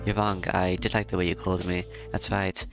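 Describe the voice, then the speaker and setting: A man reads a visual novel aloud in a plain, steady way, sometimes stumbling and restarting. His voice is deep and gravelly. Music plays behind him throughout. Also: a little fast. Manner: plain, steady reading with frequent fillers and restarts.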